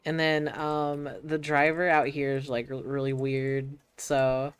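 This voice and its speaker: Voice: medium pitch, monotone, measured pace, smooth. A young adult streamer from Georgia, chatting casually, swearing freely and telling stories. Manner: laid-back, swears freely, tells stories in quoted voices. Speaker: streamer host. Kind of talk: casual chat.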